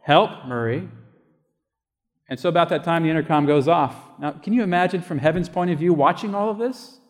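Speaking quickly in a slightly high voice, a male pastor shares a personal story in his sermon, keeping it conversational and performing the other characters' voices. Long hall reverb fills the recording.

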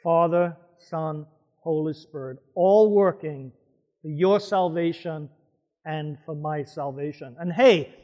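Male pastor, emphatic sermon delivery, quizzes the congregation, fairly high voice. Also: slow, darkish tone, long reverb tail, lo-fi sound. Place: church hall before a congregation.

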